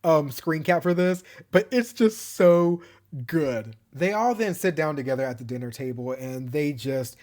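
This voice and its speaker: Man, slightly high voice, casual show recap, excited fan, laughs a lot. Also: a little slow. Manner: gushing fan, laughs often. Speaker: TV show reviewer.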